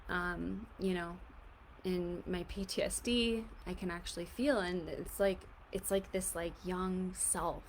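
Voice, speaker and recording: A woman coaching an emotional tapping exercise in a gentle, reassuring, casual way, often saying "like". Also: on the low side, steady tone, unhurried, slight background noise. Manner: casual, fills speech with "like". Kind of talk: guided tapping session.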